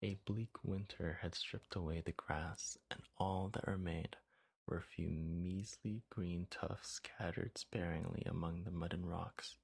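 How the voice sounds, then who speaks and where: A man reading a children's story aloud in a soft ASMR voice, sometimes dropping to a whisper. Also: low voice, fairly even intonation, a little slow, creaky, breathy edge.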